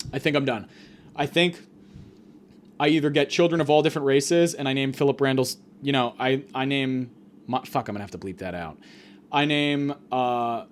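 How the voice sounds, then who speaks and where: A man hosting a podcast, rambling through a crude comedic monologue full of fillers and deadpan exaggeration. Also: medium pitch. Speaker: podcast host.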